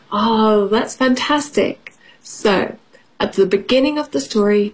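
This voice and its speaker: A woman's voice: mid-range voice, slightly rough. A woman teaching English on the radio, reading a children's storybook playfully, with sound effects and questions for the children.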